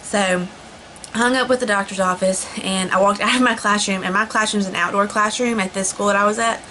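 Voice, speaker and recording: A woman's voice: medium pitch, fairly even intonation, brisk, pushed and bright, slight background noise, low-quality recording. A young woman chatting casually to camera, rambling with lots of fillers and restarts. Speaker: vlogger. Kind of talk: casual storytelling vlog.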